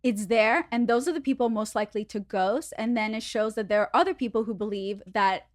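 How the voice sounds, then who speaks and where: A woman's voice: brisk, dry recording, studio quality. A woman from Russia, a podcast guest chatting casually and acting out quotes with big jumps in her voice. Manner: animated, acts out quotes with big pitch jumps. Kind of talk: casual chat.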